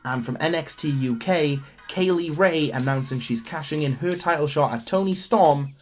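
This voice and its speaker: Excitable young man. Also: fairly high pitch, normal speed, soft background music. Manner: excitable fan, gushing and restarting. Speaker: podcast host. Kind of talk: solo wrestling podcast rundown.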